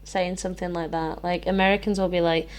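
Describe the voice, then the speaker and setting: A woman's voice: on the low side, level tone, fairly quick, a little mellow, clear, resonant tone. British woman, English teacher co-hosting a learners' podcast; chatty, explanatory, easy laughs. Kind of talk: casual teaching chat.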